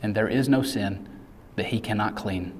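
A man preaching a sermon in a relaxed, conversational way, mixing casual asides with acted-out quotes. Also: lowish voice, normal speed, a little hiss or hum. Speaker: pastor. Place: large hall. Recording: reverberant hall sound.

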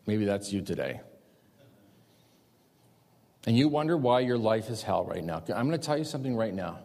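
A man's voice: on the low side, big pitch swings, normal speed, darkish tone. A male pastor preaching a sermon, emphatic and repetitive with rising outbursts. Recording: long reverb of a large hall.

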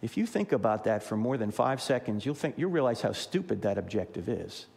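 A man's voice: on the low side, brisk, creaky, in a large hall. A man in his sixties from New Jersey, giving a humorous Christian apologetics talk to a live audience and acting out the dialogue in his stories. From New Jersey, USA. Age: 60s. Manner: animated storyteller who acts out dialogue.

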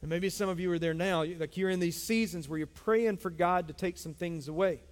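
A man's voice: high-pitched, brisk. A middle-aged man, a pastor preaching a sermon emphatically, repeating lines and calling out to his congregation. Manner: emphatic, repetitive preaching with audience call-outs. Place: church sanctuary. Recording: long hall reverb.

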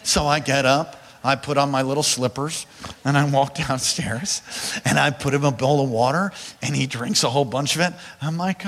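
In a big church or hall with a long reverb tail, a pastor of medium pitch preaches at normal speed. He's lively, recounting something personal and talking directly to the people in front of him.

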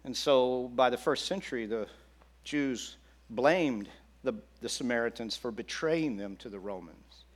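A man's voice: mid-range voice, lively intonation, measured pace. Man, middle-aged, pastor, sermon, conversational, asks the congregation questions.

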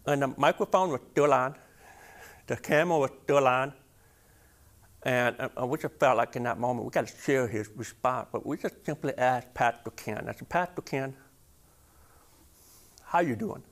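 A man preaching a sermon as pastor, impassioned, repeating words and rising to emphatic peaks. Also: medium pitch.

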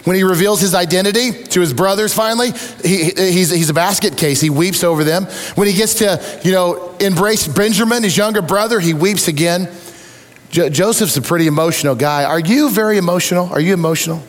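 Man, middle-aged pastor, high voice, animated sermon, self-deprecating humor, long hall reverb. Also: brisk.

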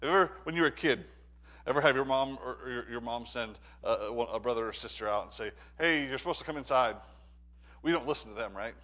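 A man preaching a sermon, often repeating and restarting words as his delivery swings from quiet reflection to urgent, rising exhortation. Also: mid-range voice, quick pace. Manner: stammering restarts.

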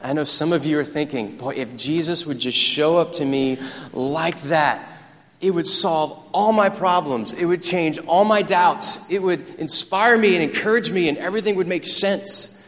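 A man preaching a sermon as pastor, telling stories with rising excitement. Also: on the high side, normal speed, long reverb tail. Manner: animated, storytelling preacher who gets excited. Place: church sanctuary.

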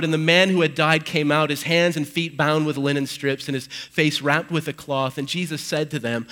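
Higher-voiced man preaching dynamically. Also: fairly even intonation, normal speed, few pauses, rough recording. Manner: dynamic preaching, swinging from loud emphasis to hushed low passages; reads scripture aloud with dramatic weight. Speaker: pastor. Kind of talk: Easter sermon. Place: church.

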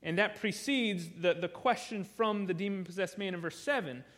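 A man's voice: high voice, normal speed, a bit bright. A man preaching a sermon through a Bible passage, earnest and conversational, often repeating words as he restarts a sentence.

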